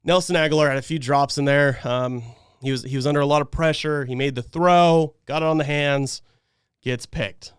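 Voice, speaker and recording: Frustrated man ranting, smooth clear voice. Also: steady tone, normal speed, no echo, clean studio sound. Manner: frustrated, ranting, swings between loud outbursts and low muttering. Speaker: fan podcast host. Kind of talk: post-game fan rant on a livestream.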